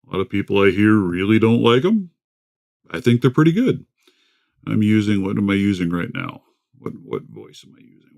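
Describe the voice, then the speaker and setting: A man's voice: on the low side, big pitch swings, normal speed, vocal fry, pauses often. A man hosting a casual livestream from home into a desktop microphone, rambling and chatty as he greets viewers by name. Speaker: livestream host. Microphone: desktop USB microphone.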